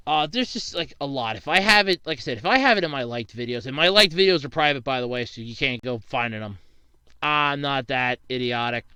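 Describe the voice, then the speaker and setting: A man's voice: mid-range voice, lively intonation, a little fast, sharp tone, clean tone, dry recording. Casual young man rambling through Q&A. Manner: rambling, swears and rants when annoyed. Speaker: YouTuber answering viewer questions. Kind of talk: casual Q&A monologue.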